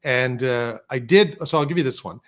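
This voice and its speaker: A man's voice: medium pitch, normal speed. A man talking in a studio as a podcast guest. He tells long, winding stories, often stopping to restart a sentence and acting out what other people said. The delivery is loose and conversational. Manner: rambling anecdotes with restarts and quoted dialogue. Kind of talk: casual storytelling chat.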